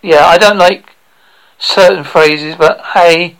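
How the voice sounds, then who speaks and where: An Englishman with a Devon accent hosts a radio show, chatting with a guest in a joking, storytelling way during a casual interview. His voice is high-pitched, a bit bright, and steady, and he takes things slowly. The recording is rough.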